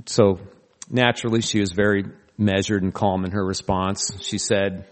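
A man's voice: on the low side, fairly even intonation, normal speed. A male pastor preaching a sermon, telling stories earnestly with touches of humor. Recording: long reverb of a large hall.

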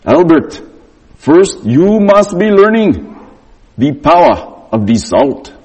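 A man's voice: a little high, big pitch swings, slow pace, a little mellow, breathy edge, big-room sound, voice pushed up, full character voice, low-quality recording. A man voicing a frail, earnest older cook, speaking with wide-eyed emphasis. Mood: instructive.

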